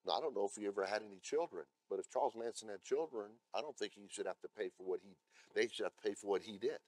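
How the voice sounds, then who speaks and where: A male pastor delivering a sermon, moving between loud scripture readings and blunt asides to the congregation. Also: on the low side, fast talker, no echo. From America. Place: church.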